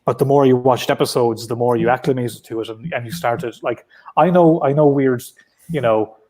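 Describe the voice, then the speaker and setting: An Irish man chats casually on a video call, rambling through his thoughts with lots of ums and restarts. His voice sits at an ordinary middle pitch, neither deep nor high. He sounds like a guest answering questions in a relaxed online interview. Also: moderate pace. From Ireland. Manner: rambling, many fillers and restarts. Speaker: comic book writer guest.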